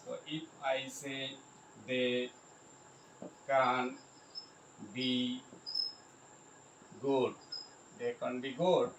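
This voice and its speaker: Guy teaching english grammar real slow, says every example twice, echoey room w faint crickets. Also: mid-range voice, a little hiss or hum. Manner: slow, repeats example sentences, addresses viewers. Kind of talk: grammar lesson.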